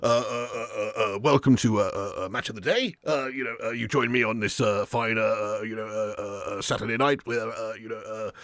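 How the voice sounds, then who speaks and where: A man's voice: fairly low pitch, fairly even intonation, a little fast, hardly any pauses, fairly bright tone, no echo, clean studio sound, voice pushed down. A man putting on a bumbling politician presenting a football show, stammering through constant uhs.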